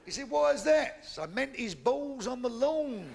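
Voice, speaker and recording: A man's voice: very high voice, sing-song, moderate pace, vocal fry, darkish tone. A man doing bawdy stand-up comedy on a theatre stage, playing both sides of every exchange. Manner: brash, bawdy joke-telling, acting out both sides of each exchange. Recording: noisy live theatre recording.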